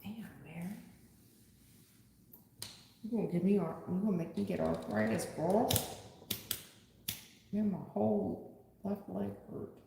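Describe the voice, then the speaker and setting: A woman's voice: medium pitch, measured pace, gravelly, pauses often, background noise. A woman hosting a live tarot stream, chatting casually in a blunt, rambling way with some swearing and frequent laughter. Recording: very echoey room with long reverb.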